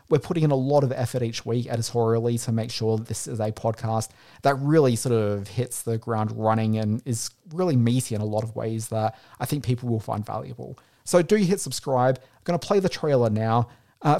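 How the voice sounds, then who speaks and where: An Australian podcast host delivers a casual monologue, chatty, rambling and heartfelt, with faint music behind him. His voice is medium in pitch with a darkish tone.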